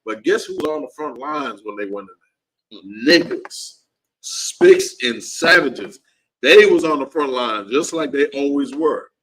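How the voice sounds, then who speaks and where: A man at a middle pitch preaching to a class. His delivery is heated and repetitive, and his voice jumps sharply higher whenever he gets worked up. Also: lively intonation, normal speed, fairly bright tone, rough recording. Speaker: class teacher.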